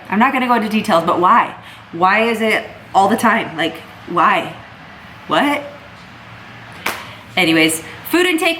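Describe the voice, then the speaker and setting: A woman's voice: medium pitch, sharp tone, slight background noise. A young adult woman vlogging in a casual chat to camera. She rambles and fills her talk with "like.". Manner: chatty, rambling, heavy use of "like". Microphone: camera mic. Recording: echoey room.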